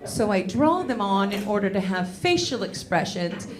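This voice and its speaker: A woman's voice: medium pitch, big pitch swings, normal speed, a crowd in the background. A woman in her thirties performing a stand-up comedy set in a club, brash and profane, with self-mocking punchlines on a handheld stage mic.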